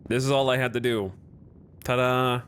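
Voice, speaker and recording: Medium in pitch and fairly flat in intonation, this game streamer talks at a moderate pace with a clear, resonant, slightly bright tone. He jokes and rambles casually with viewers, frequently starting sentences over.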